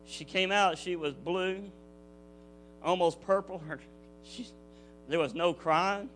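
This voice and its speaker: A man's voice: sits high, slow, a bit bright, faint music behind. A middle-aged man, giving a fervent Pentecostal testimony in a church with a folksy preacherly cadence. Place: church building.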